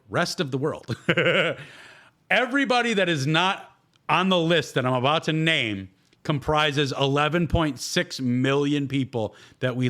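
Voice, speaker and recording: A man's voice: on the high side, a bit bright. A man hosting a solo podcast, talking bluntly with heavy swearing and sarcasm. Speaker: podcast host.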